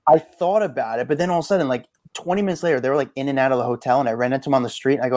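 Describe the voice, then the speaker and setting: A man's voice: medium pitch, rapid-fire, no echo. A man co-hosting a casual celebrity gossip podcast, telling stories with lots of fillers and quoted voices. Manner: storytelling, animated quoted voices, many fillers. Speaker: podcast co-host.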